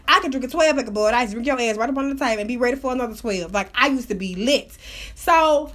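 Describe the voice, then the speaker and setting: Brief: woman host, high bright voice, brash profane storyteller. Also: fast talker. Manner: loud, profane, animated storyteller. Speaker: radio show host. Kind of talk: casual storytelling monologue.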